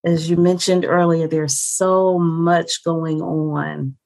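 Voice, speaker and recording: Woman faith-show host: low and gravelly, slow, even delivery. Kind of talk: christian talk show conversation.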